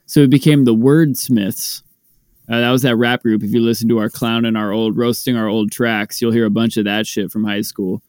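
A man co-hosting a podcast who tells stories in a lively, joking way. His voice is smooth and clear, at a middle pitch. The sound is dry and close to the mic. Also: normal speed, no room sound. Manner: animated storytelling, joking. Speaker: podcast co-host, rapper. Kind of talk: casual chat.

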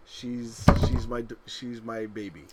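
A man in his thirties co-hosting a podcast, telling animated family stories in casual chat and laughing loudly at them. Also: mid-range voice, a little slow, very noisy. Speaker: podcast co-host.

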